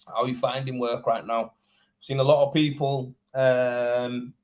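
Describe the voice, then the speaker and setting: A man's voice: medium pitch, level tone, unhurried, darkish tone. A young man, a plasterer, chatting casually and indignantly on a livestream, swearing and rambling. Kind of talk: casual live-stream chat.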